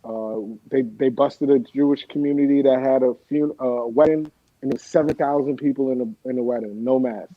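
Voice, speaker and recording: A man's voice: medium pitch, fairly quick, few pauses, no room sound, phone-quality sound. A man hosting a radio talk show, chatting casually and laughing along with his co-hosts. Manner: relaxed, conversational, laughs along.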